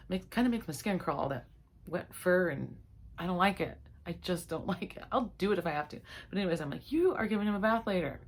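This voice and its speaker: A middle-aged woman vlogger chatting casually through a storytime, animated and acting out her own reactions. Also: lowish voice.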